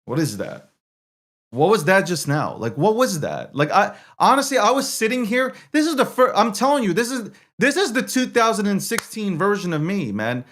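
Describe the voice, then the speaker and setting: A man's voice: high voice, sing-song, moderate pace, fairly bright tone. A man hosting and producing a live show, talking in a heated, repetitive way with heavy swearing.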